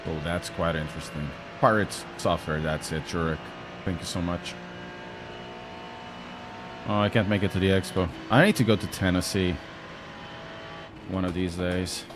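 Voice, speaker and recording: A man's voice: low-pitched, steady tone, normal speed, pauses often, background noise. A man with a Portuguese accent chatting casually on a live stream, joking and answering chat as he drives a sim race.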